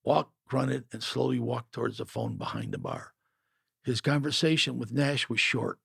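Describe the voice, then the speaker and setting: A man's voice: mid-range voice, wildly swooping pitch, normal speed, vocal fry, fairly bright tone, breathy edge, no echo, clean studio sound. A man narrating a first-person memoir in a gritty, matter-of-fact way.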